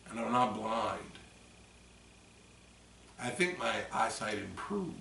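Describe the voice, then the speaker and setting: Gravelly man telling a story, echoey room. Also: on the low side, takes it slowly, slight background noise. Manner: rambling animated storytelling with loud acted screams. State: tipsy from drinking. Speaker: vlogger. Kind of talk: casual chat. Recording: echoey room, mic at a distance.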